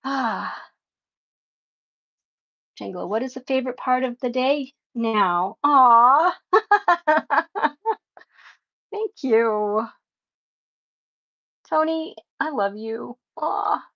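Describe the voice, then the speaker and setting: Slow, gravelly woman chatting while painting. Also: sits high, expressive, lo-fi sound. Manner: warm, emotional, laughs often, reads chat aloud. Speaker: livestream painting host. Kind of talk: casual live painting chat with viewers.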